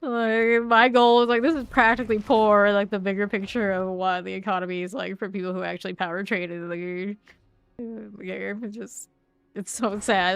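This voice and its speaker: A woman's voice: mid-range voice, level tone, moderate pace, clean tone, no room sound, soft background music. A woman streaming a game, chatting casually with viewers, laughing often and reading their messages aloud. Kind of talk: casual gameplay chat. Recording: faint background noise.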